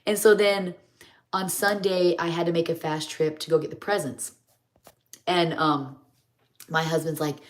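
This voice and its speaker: A woman's voice: on the low side, steady tone, measured pace, pauses often. A middle-aged woman chats in a rambling, homey way while doing her makeup on a live stream. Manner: rambling, homey, chatty storytelling.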